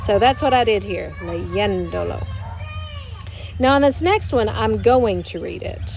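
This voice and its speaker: A woman teacher with a mid-range voice explains a Spanish grammar point in a patient, methodical way. She slows down to pronounce each example clearly. A faint background noise runs under the recording. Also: medium pitch, darkish tone. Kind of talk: recorded classroom grammar lesson.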